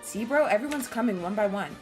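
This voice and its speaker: A woman's voice: medium pitch, brisk, soft background music, natural voice. Woman doing a laid-back dude-bro guy. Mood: easygoing. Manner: relaxed slangy. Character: laid-back young male friend saying dude and bro.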